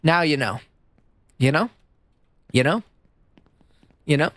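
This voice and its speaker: Animated male streamer, goofy, self-mocking, bright tense voice, dry close mic. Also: on the high side, slow, no room sound. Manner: animated, goofy, self-deprecating, chats with viewers. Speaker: livestreamer. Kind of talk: casual live-stream chat while gaming.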